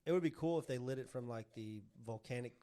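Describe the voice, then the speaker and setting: A man's voice: mid-range voice, quick pace, dark tone, smooth. Rambling man sharing podcast trivia. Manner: rambling, with many fillers and restarts while explaining trivia. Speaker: podcast co-host. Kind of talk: casual chat.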